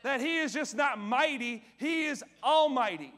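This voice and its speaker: Very high-voiced energetic male preacher. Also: unhurried. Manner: energetic, swinging from loud declarations to quiet asides; asks the audience questions and answers them. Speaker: pastor. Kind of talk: sermon. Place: church stage.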